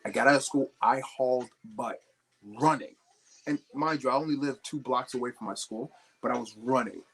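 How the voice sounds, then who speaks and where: A man's voice: medium pitch, moderate pace, fairly bright tone, breathy edge. Chatty young man rambling while building. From New Jersey. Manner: rambling anecdotal storyteller, chats with viewers. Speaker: livestream host. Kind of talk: casual chat while building.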